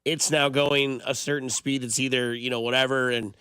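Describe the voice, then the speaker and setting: A man co-hosting a morning sports radio show, telling rambling stories quickly and excitedly. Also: medium pitch, clean tone, dry recording, studio quality. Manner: fast, excitable, rambling storyteller. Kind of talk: casual sports radio chat.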